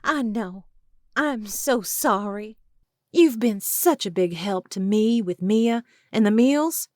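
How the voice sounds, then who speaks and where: A squeaky, high young wife voiced by a woman, pleading and breathless as she begs. She talks loud and pressing in this audiobook scene, over a dry, close sound. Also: lively intonation, slow, no room sound. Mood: desperate. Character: frantic pleading young wife caught cheating. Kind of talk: audiobook character voice.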